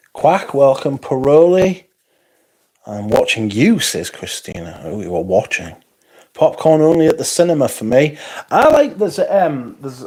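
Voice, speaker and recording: A man's voice: mid-range voice, a little mellow. Tired man chatting on a livestream. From North East England. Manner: rambling, self-deprecating, frequent yawns and interjections. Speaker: livestream host. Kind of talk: casual livestream chat reading viewer comments.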